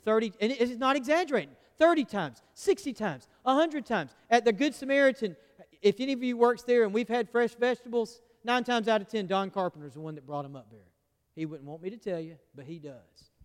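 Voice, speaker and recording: A man's voice: very high-pitched, lively intonation, a little fast. A man preaching a conversational sermon, folksy and often asking the congregation questions. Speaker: pastor. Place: church sanctuary. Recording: long church hall reverb.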